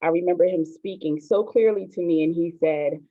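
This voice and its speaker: Low-voiced woman on a tinny call line. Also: brisk. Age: 40s. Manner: soft-spoken, hesitant with many ums, earnest. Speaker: pastor sharing her cancer story. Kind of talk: personal testimony on an online show. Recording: tinny phone-like line, dry.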